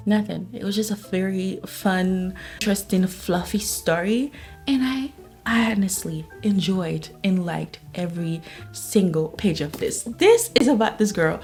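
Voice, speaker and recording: A young woman chatting about books she read this month, gushing and retelling plots with quick quoted asides. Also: medium pitch, darkish tone, faint music behind. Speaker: book reviewer. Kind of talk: casual monthly reading wrap-up.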